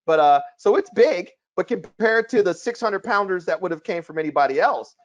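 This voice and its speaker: A man hosting a casual chat, explaining things in an emphatic, animated way. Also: high-pitched, a little fast. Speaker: projector reviewer, host. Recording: lo-fi, dull sound.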